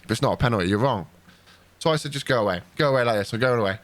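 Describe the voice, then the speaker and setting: A man's voice: medium pitch, very fast, no room sound. Man telling sweary stories. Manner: rambling, sweary storytelling. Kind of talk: casual chat.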